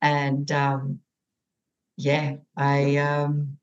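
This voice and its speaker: Woman tour director guest, low voice, muffled remote line. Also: monotone. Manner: halting, many restarts and fillers. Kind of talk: casual podcast conversation.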